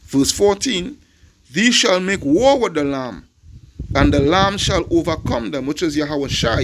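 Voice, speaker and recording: A middle-aged man with a Caribbean accent preaches in an emphatic, street-sermon style. His voice sits a little high for a man and carries a gravelly rasp. He stumbles through repeated words while building his point, then reads scripture in a slow, deliberate cadence. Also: lively intonation, slight background noise. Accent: Caribbean English.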